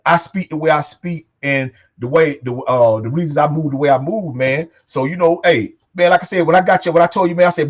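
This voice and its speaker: Male talk host, casual and profane, rapid talker, sits a bit high in his range, leans on filler phrases. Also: dull audio. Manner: loose, profane, repeats "man" and "you know what I'm saying". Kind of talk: casual talk show chat.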